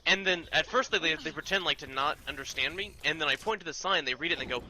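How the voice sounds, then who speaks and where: A man's voice: a little high, fast, sharp tone, rough recording. A man telling a work story in a casual, profane, rambling way with many fillers.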